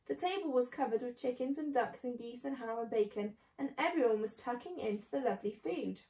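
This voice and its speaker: A woman reading a children's book aloud, clear and measured. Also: fairly high pitch, expressive, dark tone. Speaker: storyteller. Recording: echoey room.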